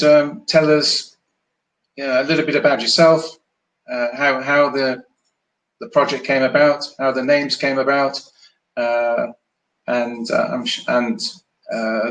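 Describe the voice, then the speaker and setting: A man hosting an online interview, greeting viewers and guests with a hesitant delivery full of pauses. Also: medium pitch, fairly bright tone, rough recording. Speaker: host.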